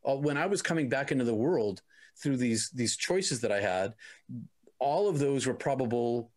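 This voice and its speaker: Earnest, halting man telling his story. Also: mid-range voice. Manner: earnest, halting, with many restarts and repeated words. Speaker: interview guest. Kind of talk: personal account in an interview.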